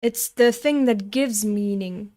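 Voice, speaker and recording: A woman from Europe hosting a casual comic reaction, excitable and prone to giggling fits. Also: mid-range voice, takes it slowly. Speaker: manga reaction host.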